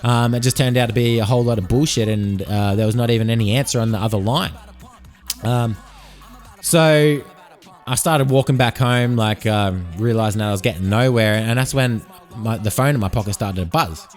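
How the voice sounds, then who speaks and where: A man's voice: mid-range voice, normal speed, soft background music. A man hosting a solo podcast, joking and meandering as he swears freely through tall tales. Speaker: podcast host. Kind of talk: rambling solo podcast monologue.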